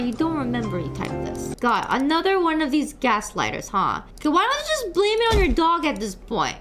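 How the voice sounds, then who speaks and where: A woman's voice: high voice, huge pitch swings, normal speed, music in the background. A woman streamer reacting live and reading chat messages aloud, playful and teasing, with sudden shrieks and mock outrage.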